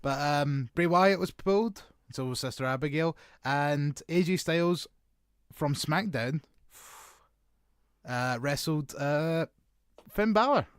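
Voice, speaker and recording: A man's voice: fairly high pitch, lively intonation, slow pace, clear, resonant tone, dry recording, studio quality. A man co-hosting a podcast in loose, rambling casual chat, laughing easily. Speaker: podcast co-host.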